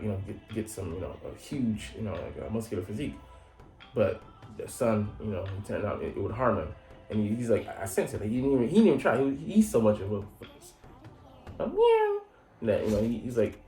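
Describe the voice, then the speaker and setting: A man with a lowish voice recaps an anime episode in a loose, rambling way, swearing freely and leaning on fillers. His voice bounces around an echoey room. Faint background music plays behind him. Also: mellow. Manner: rambling, profane, full of fillers.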